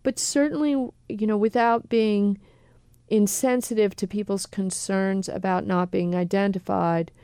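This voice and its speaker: A woman attorney answering questions on a radio talk show in a careful, measured way with frequent pauses. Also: medium pitch, fairly even intonation, mellow, clean tone, dry recording. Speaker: attorney guest.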